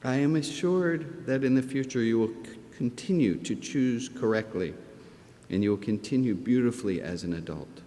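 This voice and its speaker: A man's voice: normal speed, warm tone. A middle-aged man speaking as a rabbi at a ceremony, emotional and tender, close to tears. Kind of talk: heartfelt ceremony speech. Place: large hall at a ceremony. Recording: echoey hall, faint rumble.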